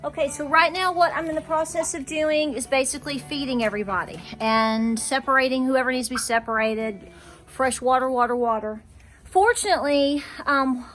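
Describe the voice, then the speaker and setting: A woman's voice: high voice, fairly bright tone, slight background noise. A woman, chatting cheerfully as a homestead vlog host while doing chores in a barn. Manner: chatty, cheerful, talks to her animals. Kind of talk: casual vlog chat. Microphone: camera held by a helper.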